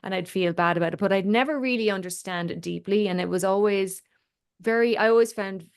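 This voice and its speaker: A woman's voice: mid-range voice, brisk, clear, resonant tone. Chatty Irish woman coaching a group. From Ireland. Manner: chatty storyteller, acts out quoted speech. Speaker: voice and confidence coach. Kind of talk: casual group coaching chat.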